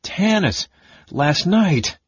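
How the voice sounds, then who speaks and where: A man voicing a big, hungover, brooding man who talks in a low, husky growl. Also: normal speed, no echo. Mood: anguished. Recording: dull lo-fi audiobook recording.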